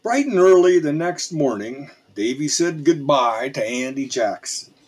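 A man narrating a frontier tall tale in a folksy, unhurried storytelling manner. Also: medium pitch, lively intonation, breathy edge.

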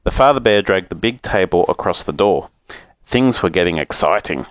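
A man reading a children's storybook aloud, lively and expressive. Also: deep voice, normal speed, no echo.

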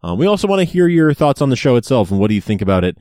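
A man's voice: medium pitch, very animated, very fast, mellow, dry recording, clean studio sound. A man co-hosting a casual podcast, easygoing and full of fillers as he wraps up the show. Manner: easygoing, many fillers, chuckles. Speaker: podcast co-host. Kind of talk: casual chat and show wrap-up.

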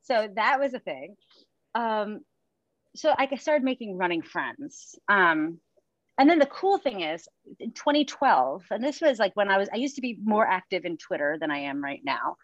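A woman running coach, chatting on a podcast, telling lively stories and often laughing. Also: mid-range voice, normal speed, no echo, lo-fi sound. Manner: chatty storyteller, laughs often, acts out quotes. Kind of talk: casual chat.

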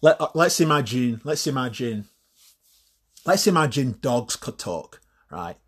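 A man talks through his opinions alone in a husky, slightly breathy voice. He is blunt and swears freely. He often restarts and repeats words while he works through a point. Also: mid-range voice, sing-song, a little slow. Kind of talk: opinionated solo monologue.

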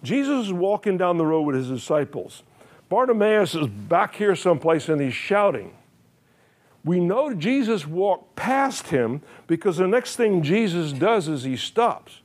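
A man with a high voice and big swings in pitch preaches a little slowly. Using homespun, plain words, he speaks emphatically, repeats phrases, asks his listeners questions, and often says "uh" and begins again.

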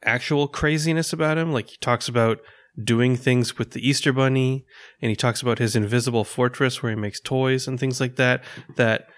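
A man's voice: mid-range voice, fairly even intonation, moderate pace. A man co-hosting a casual film podcast, thinking aloud with hesitant phrasing. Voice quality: thoughtful, hesitant, searching for words. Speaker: podcast co-host. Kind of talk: casual film-review chat.

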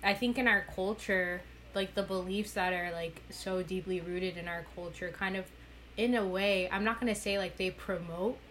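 A young woman talks in a relaxed, reflective way, leaning often on "like" as she works through her thoughts. Her voice sits in a middle register. There is a faint hiss behind her. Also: medium pitch, normal speed. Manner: reflective, earnest, many "like" fillers. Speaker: podcast guest, women's rights activist. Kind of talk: casual conversational interview.

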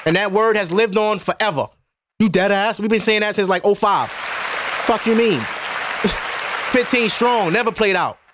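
A man's voice: high-pitched, normal speed, crowd noise, noisy background. A man from Brooklyn with a New York accent, hosting a podcast in a rambling, profane, exasperated monologue. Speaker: podcast host. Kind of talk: casual ranting monologue.

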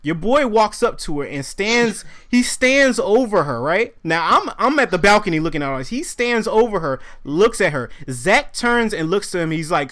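A young man in casual podcast talk, telling a story with animated quoted voices. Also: high voice, moderate pace, hardly any pauses. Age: young adult.

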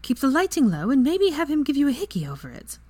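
A woman's voice: sits high, wildly swooping pitch, fast talker, warm tone, no room sound, pitched above the performer's own voice. A woman reading aloud and voicing a bold, frank young witch. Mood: brazen.

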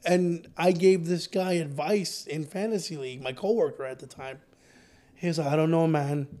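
A man co-hosting a podcast, telling stories in a casual, excitable sports chat. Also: fairly high pitch, normal speed. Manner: excitable, storytelling. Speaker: podcast co-host.

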